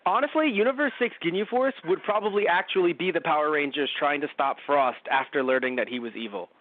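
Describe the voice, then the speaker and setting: Man, podcast co-host, casual rambling chat, quick character impressions, slightly high voice, thin phone-like sound. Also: dry recording. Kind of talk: casual anime review chat. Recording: dry, phone-like narrow sound.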